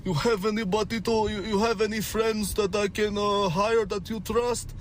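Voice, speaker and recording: A man voicing a gruff middle-aged male Russian store boss with a Russian accent, speaking broken English in a blunt, accusing way. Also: sits high, steady tone, normal speed, slight background noise, voice pushed up, close to an everyday voice. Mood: asking.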